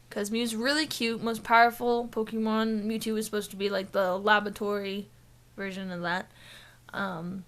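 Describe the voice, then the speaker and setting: A woman's voice: fairly high pitch, a bit bright. A woman co-hosting a casual gaming podcast, chatty and giggly, rambling with lots of fillers. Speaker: podcast co-host. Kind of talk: casual chat.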